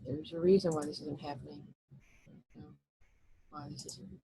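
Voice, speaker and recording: A woman's voice: sits low, fairly even intonation, normal speed, vocal fry, warm tone, a little hiss or hum, rough recording. A woman teaching a recorded lecture over slides, explaining step by step with frequent fillers and restarts.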